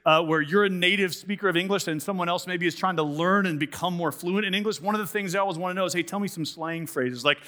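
A man preaches to his congregation with a bright, forward voice that sits a little high. His delivery is relaxed and conversational, leaning on "like" and "sort of" as he explains. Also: fast, hardly any pauses. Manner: conversational, animated, many "like" and "sort of". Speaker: pastor. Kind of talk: sermon. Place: church sanctuary.

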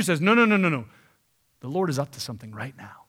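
Male preacher, high voice, emphatic sermon delivery. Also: fast talker. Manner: animated, emphatic preaching with paraphrased quotes.

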